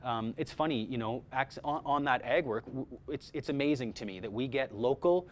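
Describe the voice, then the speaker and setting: A man's voice: medium pitch, a little fast, a little hiss or hum. A man teaching a voice-over workshop to a group, talking energetically with many fillers and repeated words. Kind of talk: casual workshop talk.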